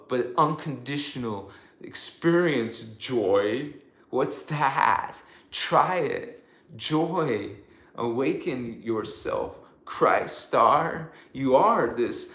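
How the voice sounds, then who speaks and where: A man speaks slowly and unhurriedly at an even middle pitch, leading his listeners through repeated affirmations and chanted made-up syllables. His voice rings in an echoey room, as on a casual spiritual live stream from home. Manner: leads repeated call-and-response affirmations and chants in invented syllables.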